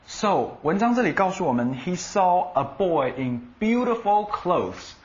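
A man co-hosting a radio English lesson, explaining words and quizzing his partner with animated emphasis. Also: high-pitched, unhurried, dull audio. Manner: animated explaining, switching between Chinese and English. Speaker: bilingual co-host explaining in Chinese.

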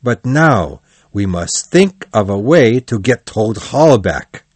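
A man's voice: on the low side, very animated, slow, no room sound, full character voice. A man reading the part of a stern, serious old badger in a children's storybook. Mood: planning. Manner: gruff scolding then kind.

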